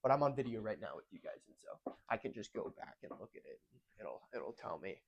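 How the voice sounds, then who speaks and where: A man's voice: fairly low pitch, very animated, fast, gravelly, slightly rough, muffled recording. A young man talking through a casual check-in on his own, rambling and correcting himself as he goes. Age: young adult. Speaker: vlogger.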